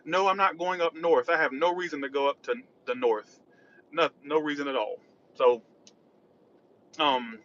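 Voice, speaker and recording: A man with a somewhat high, slightly bright voice livestreams from a moving car, where he reads tarot. He rambles casually and reacts to the chat, and the lo-fi audio has a bit of hiss or hum.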